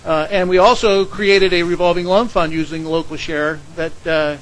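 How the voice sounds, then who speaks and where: Higher-voiced man, halting hearing testimony. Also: fairly even intonation, fairly bright tone, low-quality recording. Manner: halting, many fillers.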